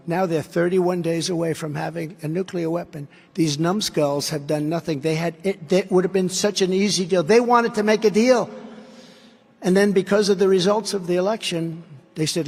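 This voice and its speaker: A man with a notably high voice delivers a campaign rally speech from a podium microphone. He is combative and repeats his points, with sarcastic asides. His words ring through a large arena with a long reverb. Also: moderate pace, darkish tone, slightly rough. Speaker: politician addressing a rally.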